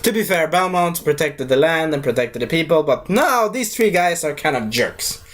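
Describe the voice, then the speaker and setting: A man's voice: on the high side, lively intonation, moderate pace, fairly bright tone. A man casually reviewing a show, rambling and joking as he retells scenes.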